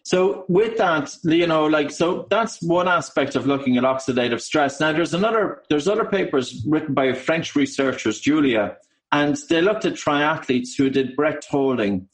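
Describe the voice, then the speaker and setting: A man with an Irish accent, an author and breathing coach, explaining his subject in a measured way during an interview. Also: a little high, animated, poor audio. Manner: measured, explanatory, with occasional ums.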